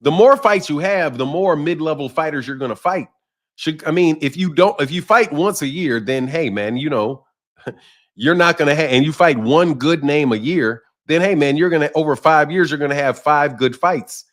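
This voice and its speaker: A man's voice: a little high, lively intonation, normal speed, a bit bright. Chatty man hosting a boxing livestream. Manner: conversational, repeats himself, addresses chat by name. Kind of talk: casual livestream commentary reading chat.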